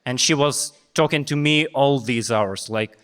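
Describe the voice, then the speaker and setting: Young ukrainian guy doing standup, slow deadpan delivery, takes his time. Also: mid-range voice, clean tone. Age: young adult. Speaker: stand-up comedian. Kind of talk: stand-up comedy. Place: comedy stage.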